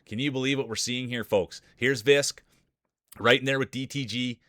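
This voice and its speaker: A man calls a marble race in mock sports-announcer style, hyping each racer with playful jokes. His voice sits at a middle pitch and comes across close and dry, with no room sound. He speaks like a streamer on a close mic at home. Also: steady tone, normal speed, fairly bright tone, no room sound. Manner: playful hype with joking announcer lines.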